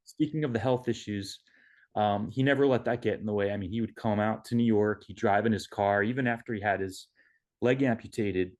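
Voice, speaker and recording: A man telling a personal story at an online memorial, halting with many fillers and restarts, heard over a video call. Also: on the low side, a little mellow. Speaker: memorial speaker, son-in-law. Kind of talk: casual storytelling.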